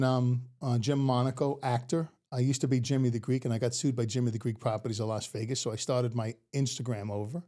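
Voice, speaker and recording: A middle-aged man, a retired police officer, telling stories in a casual, animated way and laughing often. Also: mid-range voice, a little fast, hardly any pauses. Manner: animated, laughing often, acts out quoted voices. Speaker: podcast guest. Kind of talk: casual storytelling.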